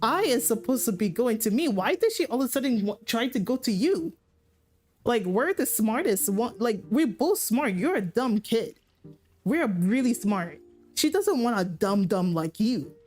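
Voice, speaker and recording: A woman's voice: on the high side, big pitch swings, measured pace, darkish tone, faint music behind. Woman doing a sneering arrogant boy. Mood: scornful. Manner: scornful, indignant, sneering. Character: arrogant jealous noble boy cousin.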